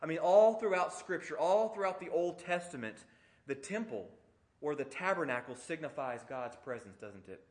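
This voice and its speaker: A man's voice: on the high side, expressive, moderate pace. Emphatic man preaching a sermon. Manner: expository, emphatic, conversational preaching with rhetorical questions. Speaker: pastor.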